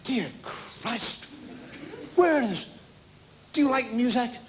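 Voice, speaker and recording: A man's voice: very high voice, animated, takes it slowly, slight background noise. A man delivering an exasperated stand-up monologue in front of a TV studio audience. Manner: exasperated, ranting. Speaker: comedian. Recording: studio audience laughing throughout.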